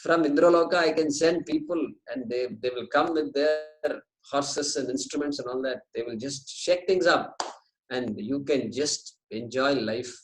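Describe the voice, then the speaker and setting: A man's voice: mid-range voice, measured pace, lightly acted, low-quality recording. A man voicing a god of death who coaxes and bargains, offering riches. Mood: coaxing.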